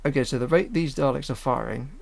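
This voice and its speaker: A man's voice: mid-range voice, fast talker, gravelly, heavy background noise. A man rambling casually with frequent fillers while he edits his own animation at a home computer. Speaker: animator editing his own fan series. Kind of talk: casual editing commentary.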